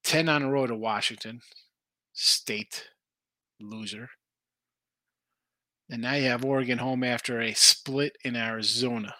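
A man with a mid-range, steady voice talks unhurriedly, leaving long pauses, his tone bright and forceful in a dry recording. He's hosting a late-night sports betting stream, reading viewers' picks and musing over the lines in casual, rambling chat as he answers them.

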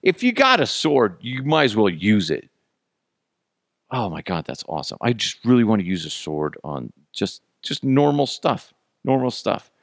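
A man's voice: lowish voice, wildly swooping pitch, moderate pace, gravelly, dry recording, clean studio sound. A man hosting a radio show, rambling through a casual comedic monologue with goofy, profane jokes and laughter. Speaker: radio host.

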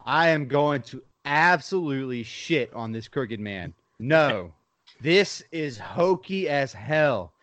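A man's voice: medium pitch, animated, takes it slowly, fairly bright tone, dry recording. A man co-hosting a casual podcast, blunt and opinionated, cursing freely as he shares trivia and takes. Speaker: podcast co-host. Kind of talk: casual chat.

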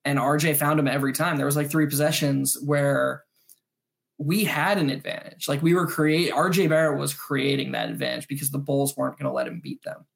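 A man co-hosting a postgame sports podcast, breaking down plays in quick, animated analysis with some restarts. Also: medium pitch, vocal fry. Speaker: podcast co-host.

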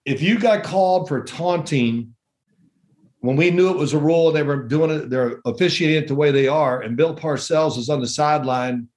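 A man in his sixties talks casually as a podcast guest, spinning wry, chatty stories from his playing days. His voice sits a little higher than most men's. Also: moderate pace, darkish tone. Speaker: guest, former pro quarterback.

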